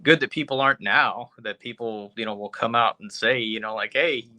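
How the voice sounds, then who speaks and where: A man's voice: on the low side, fairly even intonation, fairly quick, sharp tone, no echo. A man co-hosting a comedy podcast, chatting loosely and profanely, leaning on "you know" as he talks. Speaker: podcast co-host. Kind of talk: casual podcast chat.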